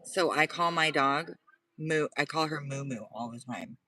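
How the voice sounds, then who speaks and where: A man's voice: on the high side, unhurried, sharp tone, far from the mic. A man livestreaming from inside the car he lives in at night, rambling and repeating himself as he chats with viewers. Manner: rambling, repeats himself, talks to live chat. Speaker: vlogger living in his car. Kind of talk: casual livestream chat with viewers.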